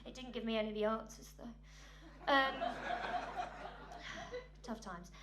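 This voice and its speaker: A woman's voice: on the high side, takes it slowly. A woman telling a stand-up comedy story in a chatty, self-mocking way, with lots of ums. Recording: steady hum in the background.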